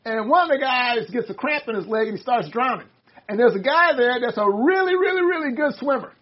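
An older Bible study leader talks casually, stumbling over restarts as they read passages aloud. The voice sounds slightly husky and sits in a mid register. The recording is dull and lo-fi. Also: mid-range voice, expressive, brisk. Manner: rambling, many restarts, reads passages aloud.

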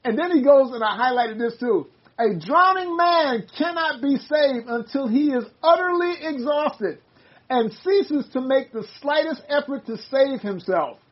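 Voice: sits high, lively intonation, unhurried, muffled recording. An older speaker leading a casual Bible study discussion, rambling with many restarts and reading passages aloud.

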